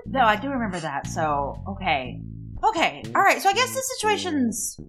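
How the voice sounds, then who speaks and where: Woman, tabletop player, high bright voice, lively, faint music behind. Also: moderate pace. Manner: giggly, rambling, animated. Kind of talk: playing a tabletop game.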